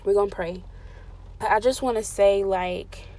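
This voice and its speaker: A woman in the middle of a sermon, preaching with real passion. Her voice sits at a medium pitch and surges loud on declarations, then drops soft and close when she pleads. She repeats her key phrases over and over for emphasis. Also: steady tone, moderate pace. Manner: impassioned, shifting between loud emphasis and soft intimate pleading.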